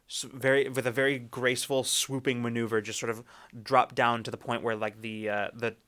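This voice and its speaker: Male game master, bright and crisp; rambly, restart-heavy narration. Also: medium pitch. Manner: rambling, many restarts and fillers.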